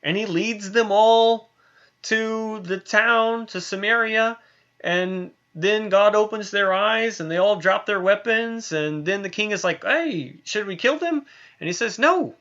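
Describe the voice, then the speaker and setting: A man's voice: high voice, steady tone, a little slow, a bit bright, highs cut off. A man teaching a Bible lesson in a conversational way, often asking "right?" and using fillers. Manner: conversational, many tag questions and fillers. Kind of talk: recorded online lesson.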